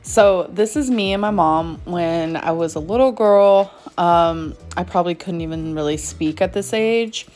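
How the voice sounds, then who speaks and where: A woman in her thirties chatting casually to her viewers at home, unhurried and full of "um" and "like". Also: lowish voice, darkish tone, faint music behind. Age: 30s. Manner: unhurried, chatty, many fillers like "um" and "like". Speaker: vlogger. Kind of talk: casual vlog chat.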